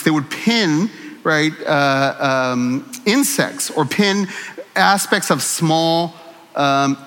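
A man's voice: a little high, a bit bright, in a large hall. A man preaching a conversational sermon, earnest and candid, with self-deprecating humor, in a church sanctuary. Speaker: pastor.

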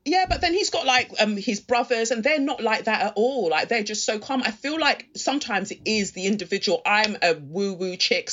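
A woman's voice: on the low side, fairly bright tone, muffled recording. A woman guest on a podcast, talking frankly and chattily, with lots of "like". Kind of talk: casual podcast chat.

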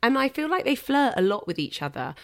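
A woman's voice: fairly high pitch, sing-song, fairly quick, gravelly, a bit bright. Bubbly chatty woman podcast host. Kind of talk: casual chat. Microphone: video call.

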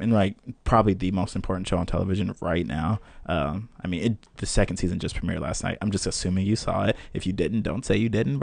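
A young man chatting as a podcast guest, animated and joking, laughing often. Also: fairly low pitch, vocal fry, no room sound. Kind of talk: casual interview chat.

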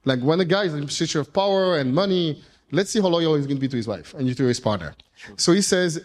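Animated man telling rambling stories. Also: a little high, quick pace. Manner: animated, rambling, with playful swearing. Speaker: entrepreneur speaking to an audience. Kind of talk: casual storytelling talk. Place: event room with audience.

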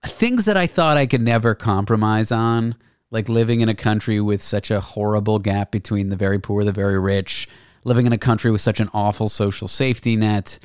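A man in his thirties from Canada, his Canadian accent softened by New York, hosting a casual interview with quick, sarcastic, swearing banter. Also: fairly low pitch, smooth, dry recording, clean studio sound. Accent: Canadian, softened by years in New York. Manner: fast, sarcastic, swears freely. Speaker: podcast host.

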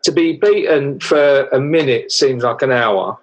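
An older man interviewing someone, speaking earnestly in a halting way. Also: mid-range voice, muffled recording. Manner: halting, with many restarts and fillers, earnest. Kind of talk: interview conversation.

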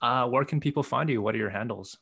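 Husky-voiced upbeat male podcast host. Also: medium pitch, quick pace, fairly bright tone. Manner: upbeat, encouraging. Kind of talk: casual chat.

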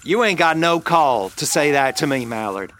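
A drunken, belligerent hick. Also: male voice, a little high, expressive, normal speed, a bit bright, a little hiss or hum. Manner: belligerent, whiny. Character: drunken cantankerous rural man James.

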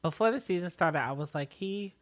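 A podcast co-host chatting casually, relaxed and agreeable, retelling scenes from a TV episode. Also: medium pitch, fairly quick, no echo. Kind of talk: casual recap chat.

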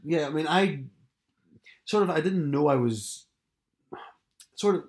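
A man's voice: a little high, lively intonation, a little slow. A man chatting casually, mostly giving brief supportive replies. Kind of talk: casual chat.

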